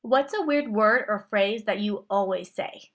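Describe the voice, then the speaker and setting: A woman reads out one short question after another. Her delivery is plain and quick, at a middle pitch. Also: a bit bright. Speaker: question reader.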